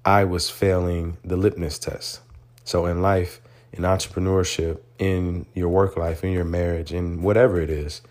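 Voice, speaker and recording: Deep-voiced man telling a story. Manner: animated storyteller, earnest and motivational. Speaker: podcast host. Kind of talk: storytelling monologue.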